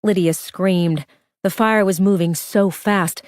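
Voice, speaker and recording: A woman's voice: mid-range voice, fairly even intonation, slow, darkish tone, no echo, clean studio sound. A woman narrating a thriller audiobook with a tense, urgent reading.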